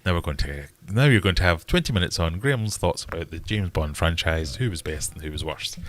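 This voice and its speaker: Low-voiced Scottish male streamer, rambling and jokey, casual chat. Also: animated, fairly quick, a bit bright, dry recording. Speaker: livestream host.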